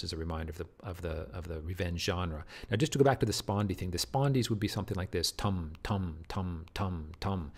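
A man's voice: sits low, darkish tone. A man teaching literature in an explanatory lecture, emphatic, restarting his phrases and often asking "do you see?".

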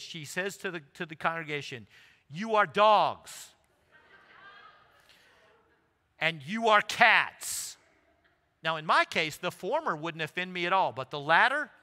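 Middle-aged male pastor, bright and somewhat high voice, animated storytelling sermon, long church reverb. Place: large church sanctuary. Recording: livestream with long hall reverb.

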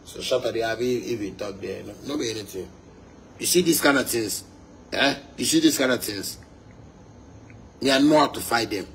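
A man's voice: medium pitch, normal speed, gravelly, pauses often, a bit bright, slight background noise, rough recording. A young Ghanaian man, a musician, delivering a fiery, emphatic monologue to his fans, repeating his points and slipping into pidgin.

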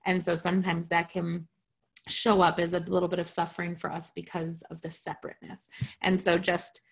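A woman's voice: lowish voice, monotone, a little fast, creaky, breathy edge. A woman teaching a spiritual class online over a video call. She talks casually, often checks in with her listeners, and jokes at her own expense. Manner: light self-mocking humor.

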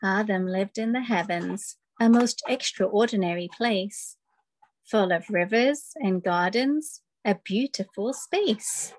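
A woman hosting a children's story time, reading picture books aloud in an animated, expressive way over a video call. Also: medium pitch, slow pace. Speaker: storyteller host.

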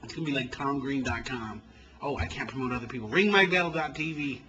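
A man's voice: mid-range voice, fairly quick, dull audio, background noise. A man hosting a call-in show as a comedian, telling crude, rambling jokey stories.

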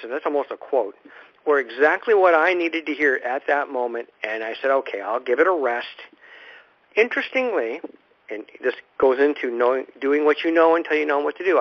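A man hosting a spiritual radio program, teaching in an informal, rambling way and often repeating words as he restarts his thoughts. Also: on the high side. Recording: dull lo-fi radio recording.

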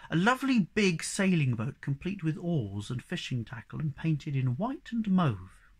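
Storybook narrator, lively intonation, expressive read-aloud. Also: medium pitch, moderate pace, husky. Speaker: storybook reader. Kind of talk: reading a children's book aloud.

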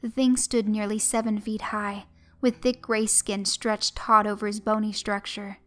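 A woman narrating a horror story in a measured, even way. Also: mid-range voice, faint music behind.

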